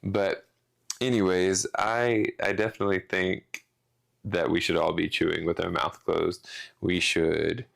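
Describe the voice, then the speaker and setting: A man's voice: sits low, little pitch movement, measured pace, creaky. A man co-hosting a casual podcast, rambling through a rant with restarts and some swearing. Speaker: podcast co-host.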